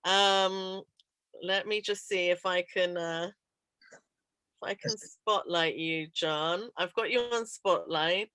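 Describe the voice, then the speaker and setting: A woman's voice: lowish voice, slow pace, clean tone, no room sound. English woman hosting an online call, chatty w lots of ums, dry close sound. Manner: warm, chatty, laughs often, hesitant fillers. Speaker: host. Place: video call. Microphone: computer mic on video call.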